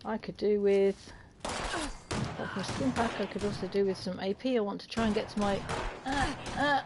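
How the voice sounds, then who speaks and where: British woman, game streamer, chatty and excitable, laughs a lot, mid pitch. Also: normal speed, very noisy. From United Kingdom. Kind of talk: casual gameplay commentary. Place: home, with a cat climbing on her.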